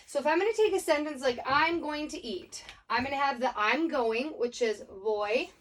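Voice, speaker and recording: A woman's voice: sits high, normal speed, fairly bright tone, distant mic. A woman Spanish teacher giving a casual recorded lesson, explaining grammar step by step with many fillers.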